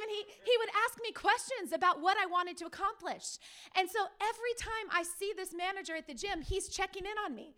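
A woman pastor delivers a sermon in a very high voice. She tells her stories with energy, acting out the people in them and asking her listeners questions directly. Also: brisk. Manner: lively storytelling, acts out quoted people; speaks to the audience directly with questions.

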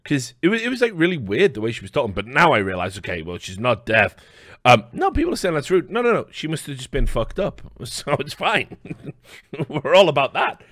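A man's voice: medium pitch, huge pitch swings, fairly quick, fairly bright tone, no room sound, studio quality. Rambling, profane man streamer. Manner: rambling, profane, laughing asides. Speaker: live stream host. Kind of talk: casual reaction commentary.

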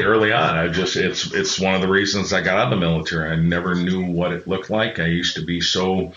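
A middle-aged man with a low, fairly bright voice appears as a podcast guest, earnestly telling reflective personal stories that ramble and often restart. The sound is roomy and slightly muffled.

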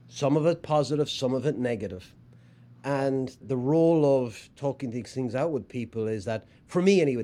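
A man's voice: mid-range voice, darkish tone. A man hosting a casual conversation, telling stories and reflecting thoughtfully. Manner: reflective storyteller, acts out quotes. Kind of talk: casual chat.

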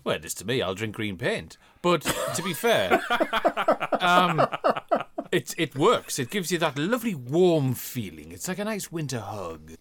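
Giggly podcast host. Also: male voice, on the high side, very animated, unhurried, fairly bright tone, a little hiss or hum. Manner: giggly, chatty, tipsy banter. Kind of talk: casual chat.

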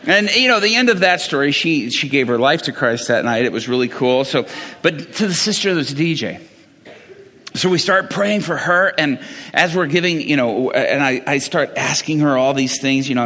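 Recorded in a big room, a middle-aged pastor tells stories during his sermon in a medium-pitched, pushed, bright voice at normal speed. He is animated, acting out dialogue and chuckling often.

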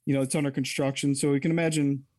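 A man's voice: mid-range voice, level tone, very fast, a little mellow, no echo. A man telling a personal story as an interview guest, candid and rambling, often correcting himself mid-sentence.

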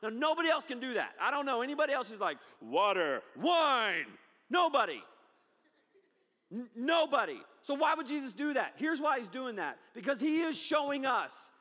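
A man in his thirties preaching a sermon with lots of energy, swinging from loud to hushed. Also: very high voice, animated, quick pace, few pauses, long reverb tail. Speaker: pastor.

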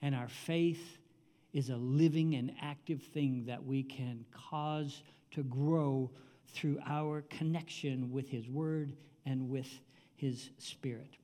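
A man's voice: medium pitch, fairly even intonation, slow, warm tone. A man in his seventies preaching a sermon in a conversational, exclamatory way, with casual asides. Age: 70s. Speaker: pastor.

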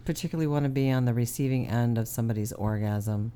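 A woman's voice: extremely low pitch, fast talker, warm tone, clean tone. Frank middle-aged woman who laughs easily. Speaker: podcast co-host, host's mother. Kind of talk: casual chat.

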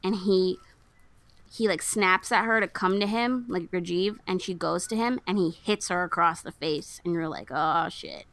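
Bright-voiced woman recapping a movie. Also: on the low side, normal speed, no room sound. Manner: animated storyteller acting out quotes. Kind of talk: casual movie recap chat.

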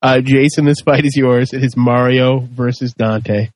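A man's voice: mid-range voice, steady tone, measured pace, darkish tone, dry recording. A man hosting a casual podcast debate, telling crude, joking stories. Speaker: host.

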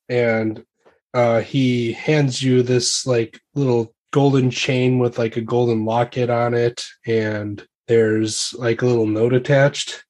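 A man's voice: medium pitch, flat delivery, takes it slowly, a little mellow. A man narrating as game master of a tabletop game, loose and rambling with many fillers. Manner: loose and rambling, full of likes and ums.

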